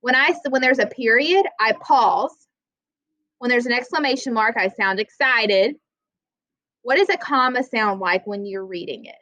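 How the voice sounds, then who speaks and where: A woman teaching a classroom grammar lesson, plainly explaining rules and slowly reading out example sentences. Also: on the high side, pushed and bright, dry recording, rough recording.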